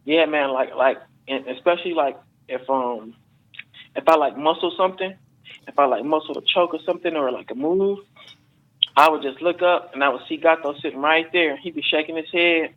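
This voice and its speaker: A man's voice: on the high side, a little fast. A man being interviewed as a fighter, telling stories in a rambling, casual way with lots of fillers and swearing. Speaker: MMA fighter guest. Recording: phone-like narrow band.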